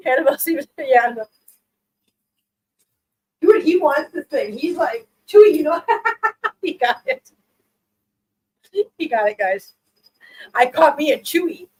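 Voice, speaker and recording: A woman's voice: high voice, lively intonation, slow, long pauses, a little hiss or hum, poor audio. A woman hosting a casual live stream who chats with viewers, laughs often and coos baby talk at her cats.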